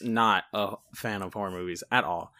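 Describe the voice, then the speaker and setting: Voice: deep voice, fairly even intonation, normal speed, sharp tone. A podcast co-host casually recapping a movie, with lots of "like" and casual swearing. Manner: casual swearing, filler-heavy retelling. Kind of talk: casual movie discussion chat.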